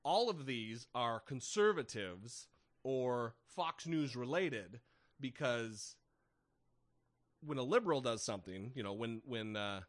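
A man's voice: medium pitch, expressive, takes it slowly, no echo, clean studio sound. A man co-hosting a podcast in casual, opinionated chat, blunt, sarcastic and profane as he rants. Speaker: podcast co-host.

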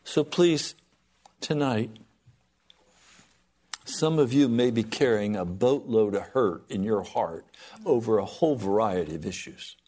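A man preaching a sermon to a congregation, swinging from loud pleading to soft, hushed lines. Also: on the low side, a little slow, long pauses.

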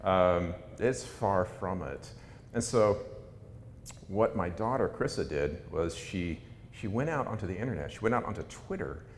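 Middle-aged guy telling funny stories at a talk, low voice with lots of swing, echoey hall. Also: measured pace. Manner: wry, self-mocking, animated. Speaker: author giving a talk. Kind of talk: humorous storytelling talk. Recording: echoey hall with faint rumble.

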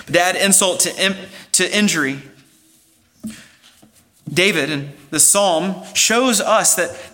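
A man's voice: sits high, pushed and bright. A man preaching a sermon as pastor, earnest and explanatory, building emphasis as he goes.

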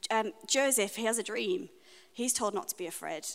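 A woman with a British accent preaches an earnest, deeply personal sermon, pausing often to reflect. Her voice rings out with a long reverb in a church hall. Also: creaky. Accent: British English.

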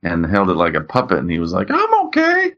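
A man's voice: sits low, steady tone, fast talker, a bit bright, dull audio. A man in casual chat, rambling through profane stories. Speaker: podcast co-host.

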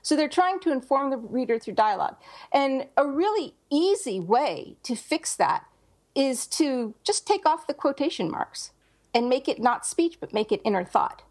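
A woman with a fairly high voice co-hosts a casual podcast about writing. She talks in a chatty, loose way, circling back with fillers and restarts as she works out her points. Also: sing-song, normal speed, darkish tone. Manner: chatty, thinks aloud with many fillers and restarts. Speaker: podcast co-host, writer.

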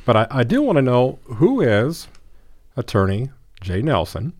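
A man's voice: medium pitch, wildly swooping pitch, measured pace, darkish tone, dry recording. A man hosting a radio interview in a studio, conversational and prone to stumbling and repeating words. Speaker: radio host.

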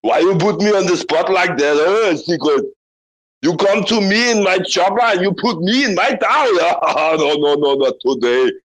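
A man's voice: high-pitched, moderate pace, fairly bright tone, voice pushed up, rough recording. A man voicing a boastful musclebound action-hero figure with a thick Austrian German accent and broken English, in an online audio chat.

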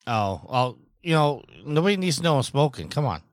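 A man's voice: mid-range voice, sing-song, fairly quick, no echo, studio quality. A man hosting a casual gaming podcast, teasing his co-hosts with a showman's flair and a New York accent. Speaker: podcast host.

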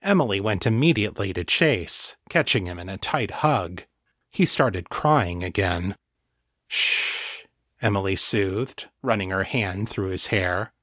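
A man reading a novel aloud as an audiobook narrator, in an even, measured storytelling way. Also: fairly low pitch, no echo, studio quality.

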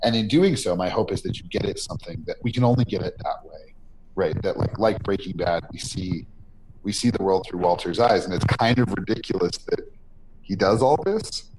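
A man's voice: low-pitched, a little fast. A man being interviewed as a game designer, talking earnestly and tagging his points with "right?". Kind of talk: podcast interview. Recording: noisy line.

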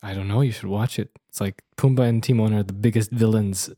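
A man's voice: lowish voice, steady tone, brisk, warm tone, dry recording. Laughing podcast man, dry close mic. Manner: reads with laughing asides. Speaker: podcast co-host reading the minute summary. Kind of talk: casual chat and read-aloud recap.

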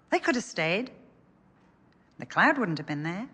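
A woman's voice: mid-range voice, big pitch swings, unhurried, pushed and bright, breathy edge. Older woman preaching, echoey hall. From England. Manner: personal, anecdotal, earnest. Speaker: speaker. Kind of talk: storytelling sermon.

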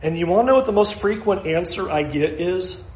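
A middle-aged male pastor preaches a sermon earnestly, acting out the replies of the people he counsels. His voice is high, animated and fairly quick, recorded in an echoey room with faint ambience.

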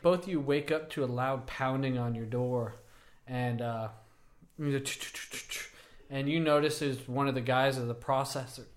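A man narrating a tabletop game as game master, relaxed and halting with fillers. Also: mid-range voice.

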